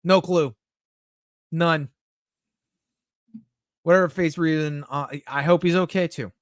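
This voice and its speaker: A young man talks casually to his live-stream chat, reading messages aloud and answering them with candid, swear-laden replies. His voice sits a little high for a man. The sound is dry and close, with no room echo. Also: steady tone, unhurried.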